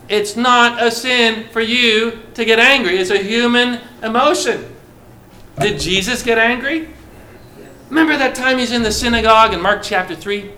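High-voiced preacher in an echoing hall. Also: male voice, normal speed. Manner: animated, asks the listeners rhetorical questions. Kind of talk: sermon. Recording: roomy echo.

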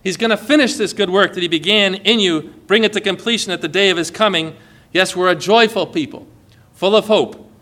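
A man's voice: high voice, fairly quick, a bit bright. A man preaching a sermon as a pastor, earnest and building to exhortation.

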